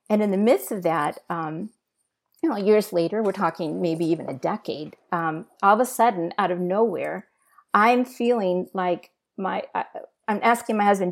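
A woman speaks as a guest in an interview, sharing a deeply personal testimony with earnest feeling. Her voice sits low and carries a gravelly fry, and she often stops and restarts her sentences. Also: a little slow.

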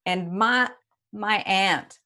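A woman's voice: mid-range voice, drawn-out words, bright, forceful tone. A woman guest on a casual podcast interview, talking with laughter and gushing praise. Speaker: guest actor.

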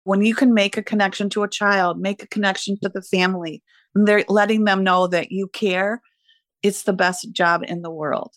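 A woman's voice: medium pitch, steady tone, normal speed, no room sound. Older lady, retired teacher, gets choked up and laughs a lot, very dry sound. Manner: warm, emotional, laughs easily. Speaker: retired teacher, podcast guest. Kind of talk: reflective interview conversation.

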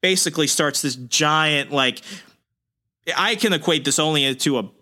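A man co-hosting a podcast who recaps a comic book animatedly and acts out characters in quick snippets. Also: on the high side, pushed and bright. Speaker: podcast co-host.

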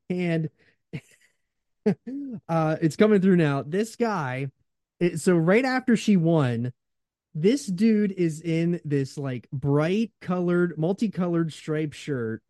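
A man's voice: fairly high pitch, lively intonation, takes it slowly, pauses often, mellow, no room sound, clean studio sound. A man co-hosting a wrestling podcast, telling stories with lots of laughter and enthusiasm. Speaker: podcast co-host. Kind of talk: casual chat.

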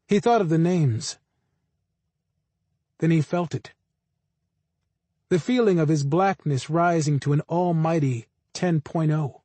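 A man reading a story aloud as an audiobook narrator, in measured, unhurried scripted narration. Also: fairly high pitch, a little mellow, husky, dry recording.

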